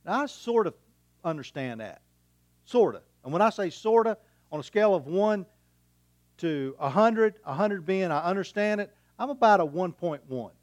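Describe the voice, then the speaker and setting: A man's voice: sits high, expressive, normal speed, dry recording. A middle-aged man preaching a sermon as a pastor, in a folksy, conversational way with homespun humour and rhetorical questions.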